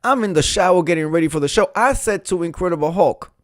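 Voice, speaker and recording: A man's voice: sits high, expressive, quick pace, dry recording, studio quality. A middle-aged man hosting a live stream, telling a long story in a theatrical way and swearing freely. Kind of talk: storytelling monologue.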